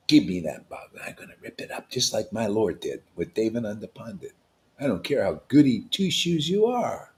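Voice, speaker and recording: Fervent male preacher, lively rising voice. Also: fairly low pitch, moderate pace. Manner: emphatic and confrontational, casual slang; swings between loud declarations and hushed asides. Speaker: spiritual teacher at a devotee gathering. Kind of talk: impassioned devotional sermon.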